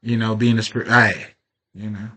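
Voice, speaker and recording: A man's voice: on the low side, level tone, moderate pace, bright, forceful tone, slightly rough. A man giving a casual, emphatic spoken monologue on personal growth, full of swearing and rhetorical questions. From Haitian background. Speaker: self-growth vlogger.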